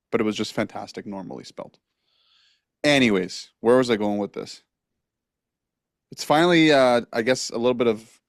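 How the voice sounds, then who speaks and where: A man's voice: lowish voice, no room sound, studio quality. A man co-hosting a casual sports podcast, rambling and laughing, swearing now and then. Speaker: podcast co-host.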